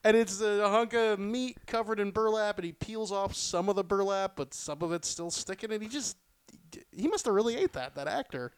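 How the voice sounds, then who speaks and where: A man hosting a podcast in casual chat, animated and laughing often. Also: sits high, moderate pace, clear, resonant tone, dry recording. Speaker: podcast host.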